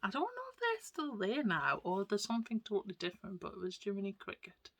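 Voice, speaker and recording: A woman's voice: mid-range voice, animated, fairly quick. Young-sounding woman, casual vlog storyteller, rambly, slips into whispered asides. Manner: chatty, rambling, drops into soft whispered asides. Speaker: vlogger.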